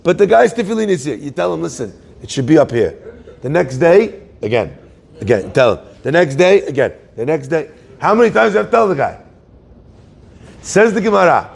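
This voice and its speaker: Gravelly high-voiced man teaching a Torah class. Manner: lively, joking asides to the audience. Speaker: rabbi giving a Torah class. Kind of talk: sermon.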